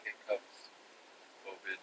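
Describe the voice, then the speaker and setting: A man's voice: sits low, monotone, very slow, a bit bright, slight background noise, poor audio. A man speaking in a car with his daughter, making short, dry, teasing remarks. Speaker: father driving. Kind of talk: casual family chat. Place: inside a moving car.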